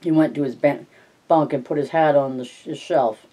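Man, novel read-aloud, dark mellow voice, unhurried, self-correcting. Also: a little high, distant mic, low-quality recording. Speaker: reader.

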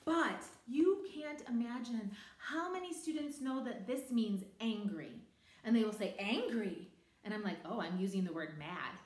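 A woman's voice: a little high, moderate pace. A woman and online English teacher, chatting casually in a vlog about her lessons. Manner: chatty, animated, over-enunciates with the student. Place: home teaching room. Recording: roomy echo.

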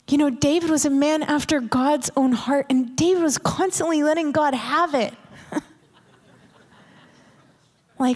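A woman's voice: high voice, a little slow, long pauses, a little mellow. A woman preaching a sermon in an intimate way, often dropping to a whisper to stress a point. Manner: intimate, drops to whispers for emphasis. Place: large church hall. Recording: live church hall reverb.

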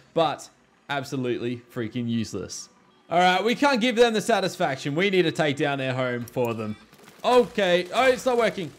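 Excitable, high-pitched gaming commentator man. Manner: loud, exclaiming, often shouting and laughing at the game. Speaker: gaming video creator. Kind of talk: excited let's-play commentary.

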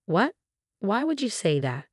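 A woman's voice: medium pitch, big pitch swings, a little slow, husky, dry recording, clean studio sound, pitched above the performer's own voice. A woman voicing a scheming young mother who shrugs off blame with careless, evasive replies. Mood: flippant. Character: scheming flippant young mother, a sister-in-law.

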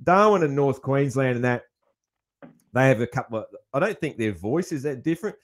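A man's voice: medium pitch, animated, brisk. Laid-back man, broad Australian accent. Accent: broad country Australian. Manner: laid-back, chuckles often. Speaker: podcast host. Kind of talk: casual interview.

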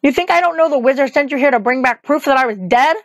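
A bitter, cornered witch speaks in a sharp, scornful voice that threatens, as a woman reading aloud puts her on. The voice sits slightly high. It is recorded close and dry. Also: lively intonation, quick pace, dry recording. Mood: accusing.

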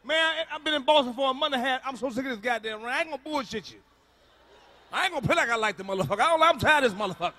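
Male stand-up comic, high and bright, profane and emphatic, live venue recording with faint noise. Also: fast. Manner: profane, emphatic, shouting punchlines. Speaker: stand-up comedian. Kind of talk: stand-up comedy routine. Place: large concert venue.

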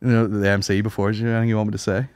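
A man's voice: lowish voice, flat delivery, racing, a little mellow, smooth, no echo. A man co-hosting a podcast, trading crude jokes and slipping into put-on voices. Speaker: podcast co-host. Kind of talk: crude comedic banter.

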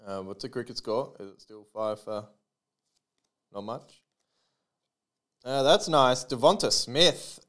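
A man's voice: medium pitch, expressive, takes it slowly, pauses often, a bit bright. A man hosting a live trading card break, calling out player names and serial numbers with chatty asides to his viewers.

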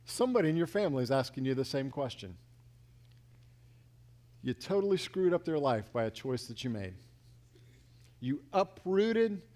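A man pastor preaching a sermon, swinging between loud emphatic lines and hushed near-whispers as he acts out quotes. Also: high voice.

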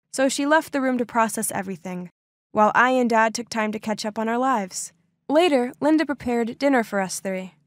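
A young woman narrating a dramatic first-person story with an expressive, animated delivery. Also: fairly high pitch, no room sound, clean studio sound.

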